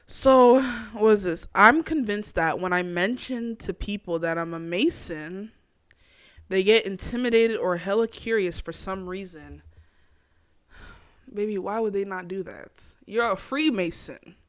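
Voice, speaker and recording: A young woman hosting her own chat show, reacting in a casual, animated, slangy way and laughing often. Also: medium pitch, a little slow, no room sound, studio quality. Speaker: podcast host.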